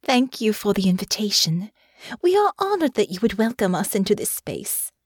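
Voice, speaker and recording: A woman's voice: mid-range voice, big pitch swings, moderate pace, slightly rough, no room sound, clean studio sound, pitched above the performer's own voice. A woman voicing a young noblewoman who speaks formally and politely. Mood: courteous. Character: young noblewoman, gracious and gentle.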